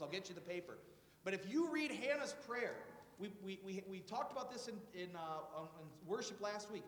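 A man preaching a sermon as pastor, telling stories with animation and often restarting his words, in a church sanctuary. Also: sits high. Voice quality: animated storytelling, frequent word restarts. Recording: echoey church hall with long reverb.

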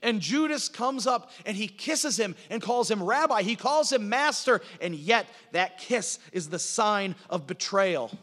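A man preaching a sermon as a pastor, swinging from emphatic lines to low, hushed ones. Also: expressive, unhurried, hardly any pauses, big-room sound.

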